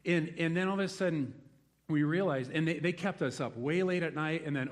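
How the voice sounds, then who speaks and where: A man in his forties preaching a sermon to a congregation, telling a lively story from his rural youth and then growing quiet and reflective. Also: on the high side, fairly quick. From rural United States. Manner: animated storytelling, swings from loud exclaims to hushed reflection. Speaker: pastor. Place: church hall before a congregation.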